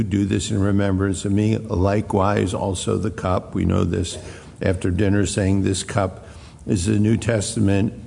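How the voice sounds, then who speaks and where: A man preaching a sermon in a church, slow and deliberate, repeating phrases for emphasis. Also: fairly low pitch, gravelly, dark tone. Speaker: pastor. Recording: long hall reverb.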